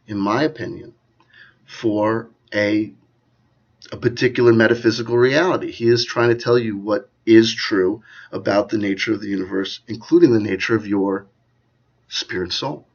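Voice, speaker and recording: A man with a slightly low voice talks off the cuff, wandering between points and tagging his sentences with little check-ins to the listener. The recording is dull and lo-fi, with the top end rolled off. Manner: loose and digressive, peppered with "you know" and "okay?". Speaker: channel host. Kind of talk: rambling commentary to camera.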